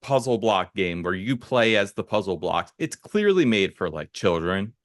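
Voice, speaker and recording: Casual podcast co-host, young man, lowish voice, rambling delivery, dry close mic. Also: very animated, moderate pace, no echo. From United States. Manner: rambling, filler-heavy storytelling. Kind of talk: casual chat.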